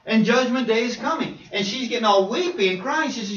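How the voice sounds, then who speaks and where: Emphatic preacher in an echoey church. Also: male voice, extremely high pitch, expressive, fairly quick, slight background noise. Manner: emphatic, swings between quiet asides and forceful exhortation. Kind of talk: sermon. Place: church sanctuary. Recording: echoey church room, distant mic, dull lo-fi.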